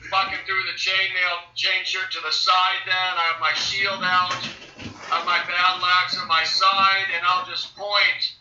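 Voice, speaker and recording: A man's voice: high voice, flat delivery, unhurried, sharp tone, recorded from a distance, a little hiss or hum. A man as a player at a tabletop game, brash and profane. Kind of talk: casual game table chat. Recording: dull, echoey recording from off mic.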